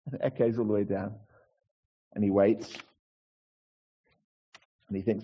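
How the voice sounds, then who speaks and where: Husky pastor preaching casually. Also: male voice, fairly low pitch, fairly even intonation, normal speed, pauses often, highs cut off. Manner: conversational preaching with restarts and asides. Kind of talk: sermon.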